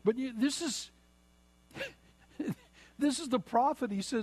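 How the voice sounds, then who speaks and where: A middle-aged man preaching a sermon, slowing down and repeating phrases for emphasis. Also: extremely high pitch, a little mellow. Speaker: pastor.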